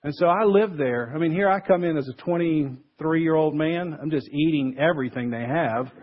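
A man's voice: on the high side, moderate pace, dull audio. A man preaching a conversational sermon as pastor, acting out the voices he quotes.

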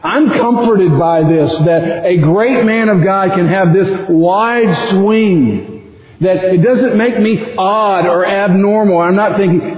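A high-voiced man preaches a sermon with lively animation, now and then acting out anguished prayers. He is heard in a roomy church hall with a long reverb, and the sound is a little dull. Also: slow. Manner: animated, acts out quoted prayers with sudden rises in pitch. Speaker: pastor.

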